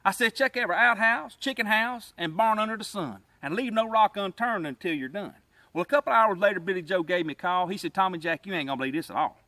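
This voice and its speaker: A man's voice: sits high, brisk, bright, forceful tone, no room sound. A man telling a rhyming comic story in a folksy drawl, as the host of his channel. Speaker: comedy storyteller.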